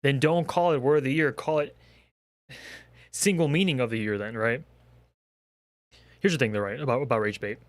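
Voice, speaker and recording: A man's voice: mid-range voice, moderate pace, pauses often, no room sound. A young man in a comedic rant, exasperated and profane, firing off rhetorical questions. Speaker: commentary creator.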